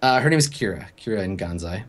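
A man's voice: lowish voice, lively intonation, fast talker. A man narrating a tabletop game as game master, in a casual, filler-heavy way with frequent laughs.

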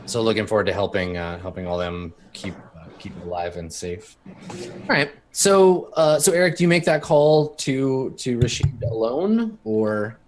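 A man's voice: fairly low pitch, expressive, moderate pace, slight background noise. A man narrating as game master in a tabletop game, loose and full of fillers.

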